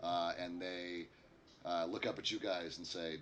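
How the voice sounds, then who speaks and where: A man with a very deep, forceful voice narrates a tabletop game as game master. He talks in halting bursts, circling back and restarting as he describes the scene, with a faint hiss of background noise. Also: level tone. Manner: hesitant narration with many fillers and restarts.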